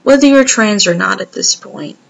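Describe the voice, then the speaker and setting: A woman speaking earnestly and gently to her viewers, pausing often as she offers support. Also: mid-range voice, big pitch swings, gravelly, highs cut off. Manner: gentle, earnest, halting with many pauses. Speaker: vlogger. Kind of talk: heartfelt direct-to-camera message.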